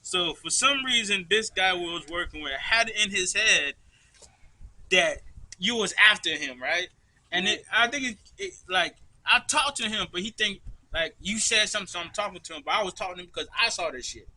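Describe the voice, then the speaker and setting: A man hosting a podcast, chatting casually and telling profane, animated stories. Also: sits high, brisk. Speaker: podcast host. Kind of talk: casual chat.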